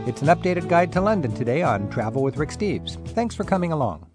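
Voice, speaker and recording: A man hosting a radio travel show, asking curious, quick follow-up questions. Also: a little high, very animated, over loud music. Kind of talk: radio interview. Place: radio studio. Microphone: studio mic.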